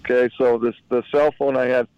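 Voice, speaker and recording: A man pitching a product over a call, halting and repeating himself as he talks. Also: level tone, smooth, dry recording, dull audio. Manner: halting, repeats words, salesy. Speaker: product promoter. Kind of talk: phone call.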